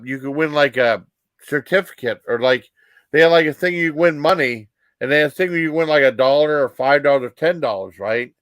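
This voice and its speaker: A man in his fifties telling rambling personal stories as a vlog host, halting with many fillers and restarts. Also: on the high side, a bit bright, clean tone, no echo.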